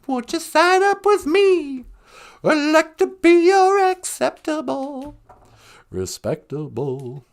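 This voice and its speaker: Playful teasing woman, lively pitch. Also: takes it slowly.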